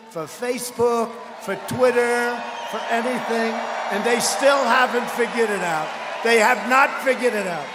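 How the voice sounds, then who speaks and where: A man giving a rambling, boastful campaign rally speech, often breaking into shouts. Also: very high-pitched, a little hiss or hum. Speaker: political speaker at a rally. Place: large rally hall. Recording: echoey hall with long reverb.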